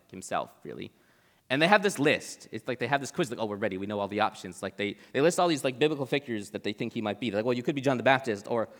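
A man's voice: mid-range voice, big-room sound. Casual man teaching from the Bible. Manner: chatty, joking, acts out Bible voices.

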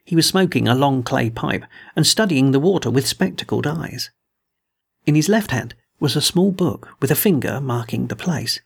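A man narrating a novel in an audiobook with a measured storytelling delivery. His voice is gravelly, with a husky edge, at a middle pitch. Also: expressive.

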